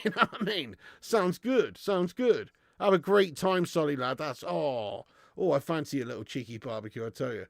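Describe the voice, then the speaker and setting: High, gravelly, animated man. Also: moderate pace, no echo, clean studio sound. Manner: sweary, jokey banter, laughs often. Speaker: live-stream host. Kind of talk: casual live-stream chat reading viewer comments.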